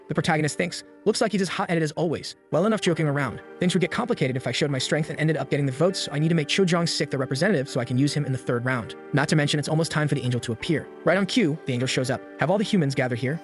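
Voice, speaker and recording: A man narrating a manga recap at a fast clip, voicing all the characters himself. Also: fairly high pitch. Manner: voices every character himself in quick dialogue. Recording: background music under voice.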